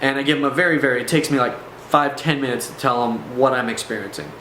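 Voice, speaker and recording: A man tells a personal story straight to his viewers in a loose, conversational way, wandering into asides and checking that they follow. His voice sits at an ordinary middle pitch. The room gives it a noticeable echo, with a faint hum underneath. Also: fairly even intonation, fast, bright, forceful tone. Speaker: storyteller recounting a personal experience. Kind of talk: casual first-person storytelling to camera.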